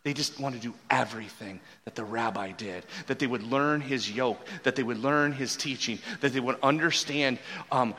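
A man's voice: medium pitch, normal speed, bright, forceful tone. A man in his forties preaching a sermon as a pastor, casual and joking, often restarting his sentences. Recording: long reverb from a large hall.

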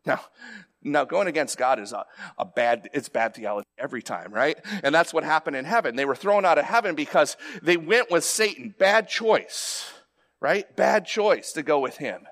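A man delivers a sermon in a conversational, unscripted way. His voice sits high for a man, and he often repeats or restarts words before climbing into louder, more emphatic stretches. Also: animated, normal speed. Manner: conversational preaching with frequent restarts and rising emphasis. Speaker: pastor.

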